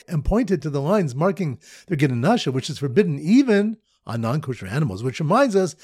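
A husky-voiced man teaching a Talmud page, his slightly raised voice swinging widely up and down. He tells memory-aid stories with sing-song emphasis, recorded close and dry with no room sound. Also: on the high side, dry recording. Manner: lively storytelling with sing-song emphasis on repeated phrases. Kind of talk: mnemonic Talmud study lesson.

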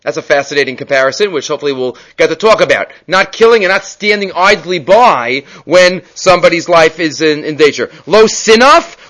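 A man giving a daily Torah class, quickly quoting Hebrew sources and explaining them in English in an earnest, explanatory way. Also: high-pitched, a bit bright. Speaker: Torah teacher.

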